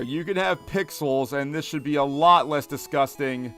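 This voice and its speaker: A man's voice: a little high, moderate pace, few pauses, pushed and bright, faint music behind. A man giving casual commentary over a video game, hesitant and stammering, often repeating words. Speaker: gaming video host.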